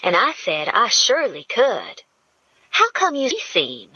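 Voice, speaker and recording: A woman voicing a dreamy, odd young assistant with a husky Southern drawl, in an audiobook reading. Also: fairly high pitch, wildly swooping pitch, slow pace, pushed and bright, dry recording, dull audio, voice pushed up, exaggerated voice. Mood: chirpy.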